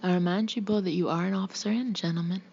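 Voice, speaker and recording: A woman's voice: on the low side, steady tone, rapid-fire, vocal fry, darkish tone, husky. A woman whispering a tart Southern wife. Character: sharp-tongued Southern wife and mother. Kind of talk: whispered audiobook reading. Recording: dull muffled recording.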